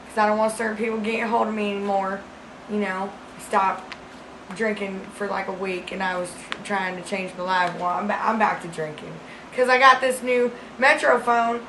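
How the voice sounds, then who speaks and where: A woman doing a rambling small-town gal, gravelly, crude, deadpan, fairly high voice, echoey room. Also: a little hiss or hum. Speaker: comedy sketch host character. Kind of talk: deadpan comic monologue. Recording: roomy echo.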